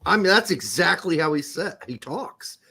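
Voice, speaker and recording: High, lively-voiced joking male host. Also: normal speed, vocal fry, husky. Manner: joking, profane, laughs often. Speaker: podcast host. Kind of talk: casual crude banter.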